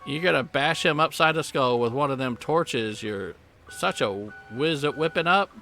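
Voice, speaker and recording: A man's voice: fairly high pitch, moderate pace, vocal fry, bright, forceful tone, faint music behind, pitched above the performer's own voice. A man voicing a cocky, taunting sailor who picks fights, in a put-on Southern drawl. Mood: mocking. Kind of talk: reading game dialogue aloud.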